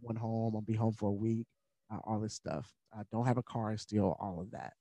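A man's voice: fairly low pitch, moderate pace, mellow, no echo. A man, a podcast guest, telling a personal story in an earnest, candid conversational way, with fillers and moments of emotion.

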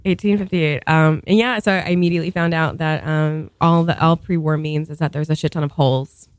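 A woman's voice: low voice, fairly even intonation, a little fast, dry recording. A woman in her thirties from Virginia, telling a long funny story in a chatty way, full of fillers. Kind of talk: casual comedic storytelling.

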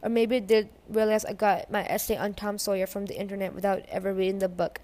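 A woman reading a novel aloud at a middle pitch. She narrates steadily, chapter by chapter, and gives the characters light voices as they speak. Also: little pitch movement, a little fast, warm tone. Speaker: reader. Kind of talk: audiobook-style reading of a novel.

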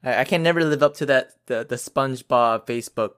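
A man's voice: medium pitch, brisk, clear, resonant tone. A man co-hosting a casual podcast, running a quiz in a playful, teasing way. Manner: playful, teasing, bursts into loud laughing outcries. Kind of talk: casual chat.

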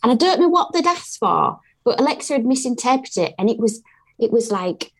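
A woman's voice: on the high side, very animated, a little fast. A woman comedian chatting as a podcast guest, telling rambling anecdotes with many restarts. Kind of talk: casual podcast chat.

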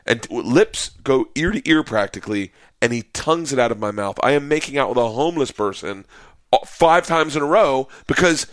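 Guest comedian, male, animated storyteller, acts out voices, very expressive pitch. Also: fairly quick, no room sound. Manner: acts out voices, laughs, shouts at climaxes.

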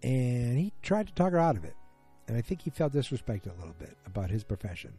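Very dark-voiced man, rambling recap. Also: medium pitch, big pitch swings, fast talker, slightly rough, faint music behind. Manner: rambling, musing, trails off with ums and restarts; speaks to listeners directly. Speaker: TV episode recapper. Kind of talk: casual episode recap.

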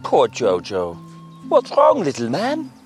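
A man's voice: mid-range voice, wildly swooping pitch, slow pace, darkish tone, soft background music. An actor playing a goofy, flamboyant imaginary dictator friend, delivering his film dialogue in a theatrical, coaxing way.

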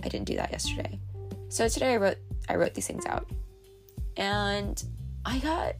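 A woman's voice: medium pitch, wildly swooping pitch, moderate pace, vocal fry, long pauses, faint music behind. A woman hosting a podcast, talking candidly in a rambling, casual way, full of fillers and little laughs. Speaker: podcast host. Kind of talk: casual confessional monologue. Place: on a boat.

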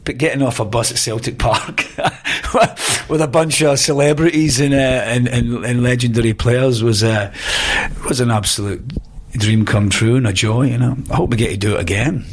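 A Scottish actor, a guest on a podcast interview, telling anecdotes in a rambling, hesitant way with many fillers. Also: male voice, medium pitch, steady tone, moderate pace.

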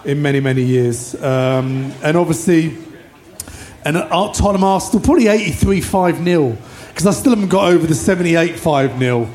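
A man's voice: a little high, lively intonation, normal speed, a little mellow. A man hosting a live podcast, reminiscing with enthusiasm about old football matches. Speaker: podcast host. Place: live show venue with audience.

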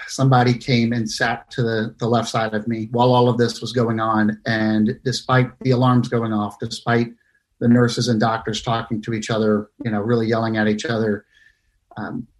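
A young man telling his own near-death story in a halting, earnest way, with many fillers and restarts. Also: mid-range voice. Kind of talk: personal story told in casual talk.

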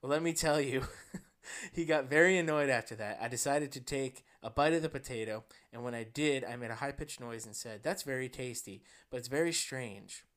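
A man with a New Jersey accent, co-hosting a podcast in casual chat, reading a story with a deadpan delivery and bursts of laughter. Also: mid-range voice, normal speed. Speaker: podcast co-host.

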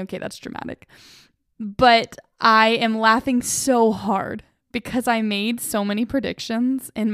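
A young woman hosting a casual solo podcast, excitable and self-mocking, laughing often as she reacts. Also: a little high, clean tone, no echo, clean studio sound. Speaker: podcast host.

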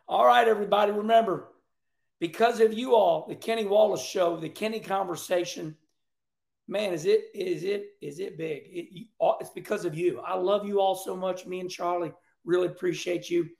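A man hosting a show, giving emphatic, animated race commentary and repeating points for effect. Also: high-pitched, normal speed, creaky, echoey room. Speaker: host.

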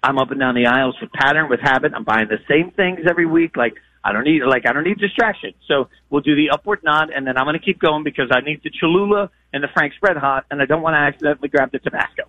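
A man hosting a sports radio show, talking in a casual, energetic way and acting out other people's voices in his stories. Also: fairly high pitch, fast talker, few pauses, no echo, dull audio. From moved from Nashville to Connecticut. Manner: animated, mimics voices in anecdotes. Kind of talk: fast, energetic casual talk.

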